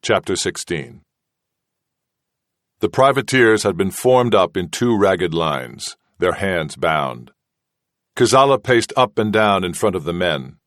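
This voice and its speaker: A man reading an audiobook narration in a steady, measured way. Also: deep voice, dry recording, clean studio sound. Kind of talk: scripted narration.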